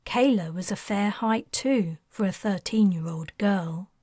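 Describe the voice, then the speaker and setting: A woman narrates her own science fiction audiobook in a soft, steady read. Her voice is breathy and sits mid-range. Recorded dry and close. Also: medium pitch, measured pace, no echo. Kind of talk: scripted narration.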